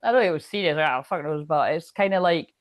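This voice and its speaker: A woman's voice: sits low, fast talker, dry recording. A woman doing casual live-stream chat as a spiritual reader, telling a rambling story full of swearing.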